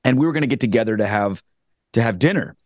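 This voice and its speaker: A man's voice: mid-range voice, expressive, fast, darkish tone, no room sound, studio quality. Earnest man rambling through a testimony. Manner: earnest, rambling with frequent restarts. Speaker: guest telling his conversion story. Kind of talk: casual spoken testimony.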